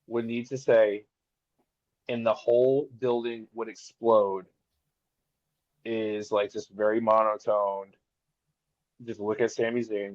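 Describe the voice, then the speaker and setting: A man joining a wrestling podcast as a remote guest, relaxed and laughing easily as he chats. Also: mid-range voice, no room sound, highs cut off. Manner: relaxed, laughs easily, fantasy-booking enthusiastically. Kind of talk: casual wrestling podcast chat.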